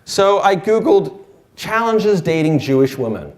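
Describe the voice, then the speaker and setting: A man's voice: high-pitched, sing-song, measured pace, a little hiss or hum. A man telling a personal story live, with a wry, self-deprecating delivery. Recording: echoey room.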